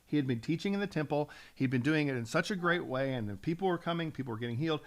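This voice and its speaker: A man's voice: a little high, lively intonation, rapid-fire. A man, a pastor, teaching from the Bible on a talk show, earnest and building up steam, often restarting his sentences.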